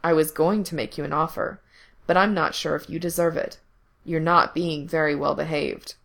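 A woman voicing a teasing, possessive young man in control, speaking low and murmuring close to the ear. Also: fairly even intonation, moderate pace, vocal fry, a bit bright. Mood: teasing, commanding.

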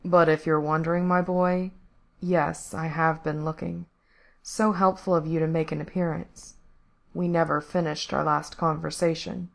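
Woman doing a creepy soft-spoken bad guy, low quiet growl, cruel and cold. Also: little pitch movement, normal speed, gravelly. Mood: soft menace.

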